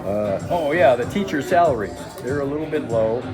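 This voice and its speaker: A man telling a casual, emotional story in a halting way, often repeating his words. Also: mid-range voice, expressive. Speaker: storyteller recounting a school visit. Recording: crowd chatter and music behind.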